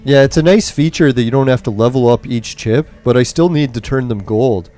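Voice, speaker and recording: Angry gamer dude cursing at his game, mellow low tone, faint music underneath. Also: brisk. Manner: angry swearing rant. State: nicotine withdrawal. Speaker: gaming streamer. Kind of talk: live game commentary.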